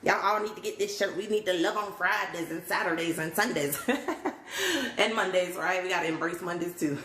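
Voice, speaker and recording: A woman live-streams from her phone in an echoey room, chatting casually, laughing often, and greeting viewers. Her lowish voice is fairly bright with lively intonation at normal speed, and the audio has a little hiss or hum.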